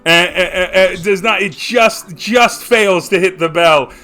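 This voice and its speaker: A man's voice: high-pitched, unhurried, pushed and bright, soft background music. A man narrating as game master, rambling and often searching for words.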